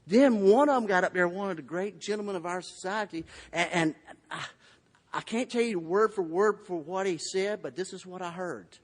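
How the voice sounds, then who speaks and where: Southern guy telling his story with jokes, pretty high voice, big echoey convention hall. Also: animated, normal speed. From Florida. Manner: folksy, humorous storytelling. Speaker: AA convention speaker. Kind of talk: recovery testimony talk. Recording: long hall reverb.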